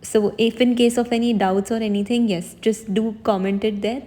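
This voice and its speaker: A woman teaching a German lesson online, explaining patiently word by word and slowing down to stress each new word. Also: fairly high pitch, fairly even intonation, dark tone. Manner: slows and stresses the foreign words she teaches.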